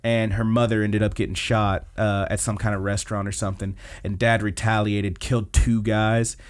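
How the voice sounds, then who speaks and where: Speaking at normal speed in a lowish voice with little pitch movement, another male podcast co-host chats through anime episode recaps. Along the way he performs the characters' lines.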